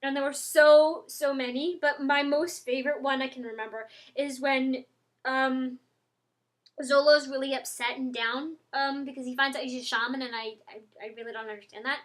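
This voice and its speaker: Young woman, high voice, rambling webcam vlog, excitable, lots of ums. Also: moderate pace. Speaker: vlogger. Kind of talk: casual chat to camera.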